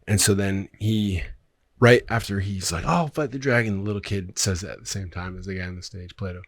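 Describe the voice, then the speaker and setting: A man's voice: low voice, flat delivery, a little fast, dry recording. A young man on a podcast telling a long story casually, rambling and loose, swearing often and filling with "like". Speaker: podcast guest.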